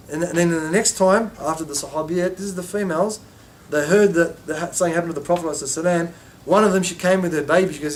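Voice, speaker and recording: A man's voice: high voice, very fast. A man teaching an informal religious lesson, telling stories and acting out quoted voices with many restarts.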